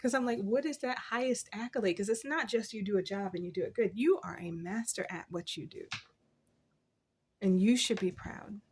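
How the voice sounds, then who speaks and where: A woman giving a casual, encouraging tarot reading, chatty and quick to laugh, quoting scripture as she talks. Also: medium pitch, darkish tone, slightly rough. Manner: quotes scripture. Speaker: tarot reader.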